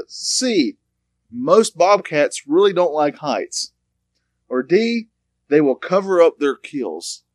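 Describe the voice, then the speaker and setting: A man's voice: fairly high pitch, no echo. A man co-hosting a podcast, joking around in casual chat and laughing often. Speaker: podcast co-host.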